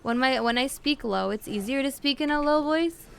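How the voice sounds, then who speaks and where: A woman streamer chatting casually with her viewers, talking with vocal fry and lots of fillers. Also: high voice, moderate pace, a bit bright. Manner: chatty, answers chat with fillers and laughs.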